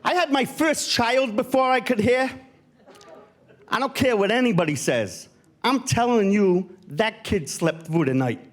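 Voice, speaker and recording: High animated stand-up comic man. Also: unhurried. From Rhode Island. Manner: deadpan punchlines, voice swinging high and low. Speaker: stand-up comedian. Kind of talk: stand-up routine. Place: theatre stage.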